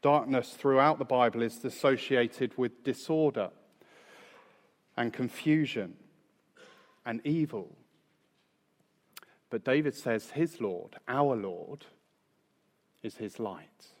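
Slow-preaching man in an echoing hall. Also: medium pitch. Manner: measured, emphatic, slows for key phrases. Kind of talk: sermon. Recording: long reverb in a large hall.

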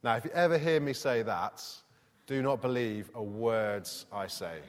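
A man delivers a sermon in a conversational style, reading scripture aloud and putting questions to the congregation. His voice is mid-range and unhurried, with long hall reverb on the recording.

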